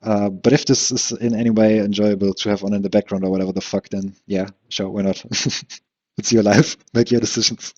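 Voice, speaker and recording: A man's voice: fairly low pitch, level tone, a little fast, a little mellow, lo-fi sound. A young man rambling in a solo podcast monologue, swearing casually and breaking into laughs, with lots of fillers and restarts.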